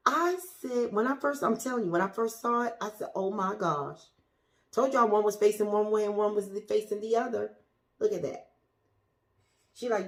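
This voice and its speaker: A woman's voice: mid-range voice, expressive, unhurried. Gushing chatty woman, echoey room. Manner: gushing, chatty, talks straight to viewers; drops to a whisper at times. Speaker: plant vlogger. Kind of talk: casual show-and-tell to viewers. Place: indoors among houseplants.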